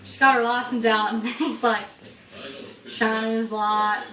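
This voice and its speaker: A young woman telling a story in a casual, animated way, laughing and acting out the voices. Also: on the high side, a little slow. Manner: animated, laughing, acts out every voice. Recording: echoey room, mic far off, background noise.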